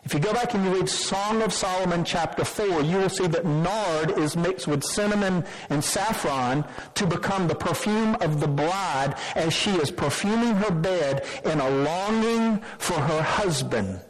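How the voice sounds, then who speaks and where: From the pulpit, a pastor with a notably high-pitched voice preaches emphatically, weaving scripture readings into his points and often restarting sentences. He keeps a measured pace with few pauses, over faint music on a low-quality recording.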